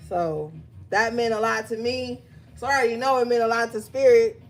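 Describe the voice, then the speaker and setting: A woman with a fairly high voice gives a tarot reading in a chatty, emphatic way, speaking straight to her viewers. Soft music plays quietly behind her. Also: normal speed. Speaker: tarot reader.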